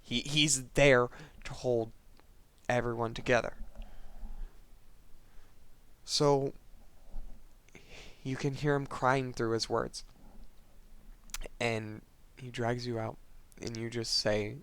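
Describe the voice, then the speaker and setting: A man earnestly retelling a video game's story, halting and restarting, his voice often dropping soft. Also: mid-range voice, little pitch movement, clean tone. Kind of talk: emotional retelling of a game plot.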